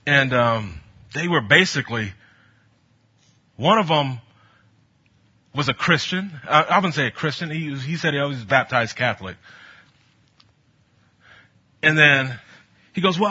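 A man preaching a sermon, telling stories from his ministry and building to bold exhortation, with a husky voice. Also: on the high side, measured pace, long pauses. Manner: animated, storytelling, rising to bold exhortation. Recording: dull lo-fi sound.

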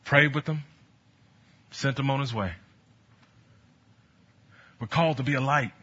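A man preaching a sermon, telling stories from his ministry and building to bold exhortation, with a husky voice. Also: medium pitch, a little slow. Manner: animated, storytelling, rising to bold exhortation. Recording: dull lo-fi sound.

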